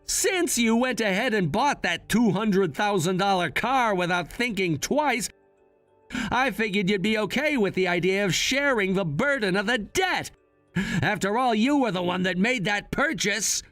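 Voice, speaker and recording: A man's voice: sits high, animated, measured pace, a bit bright, no room sound, faint music behind. A man voicing a coolly scheming adult son in a text-message story drama, firm and matter-of-fact.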